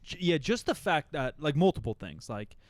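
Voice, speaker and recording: A man's voice: fairly high pitch, normal speed, no echo. A man in his thirties co-hosting a podcast, talking casually and animatedly with lots of fillers. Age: 30s. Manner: chatty, animated, frequent "like" and "kinda". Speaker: podcast co-host. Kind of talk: casual chat.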